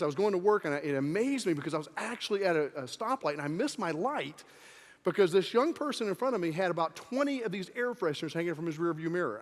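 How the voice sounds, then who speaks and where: A man with a fairly high, lively voice tells a joke during a motivational talk at a live event. He talks in an animated storytelling way, and his words ring with the long reverb of an event hall. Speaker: motivational speaker.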